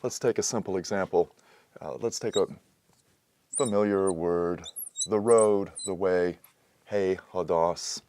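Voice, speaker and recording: A man explaining a language lesson in a measured way, pausing often with "uh" as he works through examples. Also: low-pitched, warm tone, slight background noise. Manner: measured, explanatory, with frequent "uh" pauses. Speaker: teacher. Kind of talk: recorded lecture.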